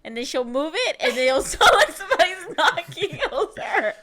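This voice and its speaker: A woman with a bright, somewhat high voice chats on a podcast. She swears freely and laughs through her words, keeping it loose and conversational. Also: sing-song, normal speed. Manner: chatty and profane, laughs as she talks. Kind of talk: casual chat.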